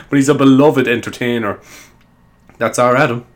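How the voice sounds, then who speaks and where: A man pitching silly movie ideas in a rambling, comedic monologue, laughing often and piling up fillers. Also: fairly even intonation, a little slow. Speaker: comedy vlogger.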